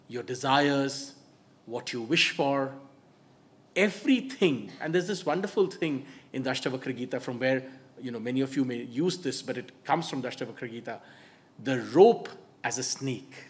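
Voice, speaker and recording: A male author giving a public talk, telling stories in an animated way and dropping to soft asides. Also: medium pitch, measured pace. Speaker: author and speaker.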